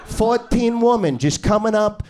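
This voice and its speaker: A man's voice: high-pitched, lively intonation, unhurried, darkish tone. A male stand-up comedian doing an improvised set in a small comedy club, brash and crude, needling the crowd.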